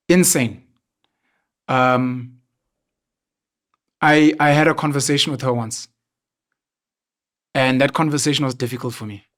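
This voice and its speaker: A young man from South Africa, a podcast guest chatting casually and telling stories in an animated way, mimicking other people now and then. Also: medium pitch.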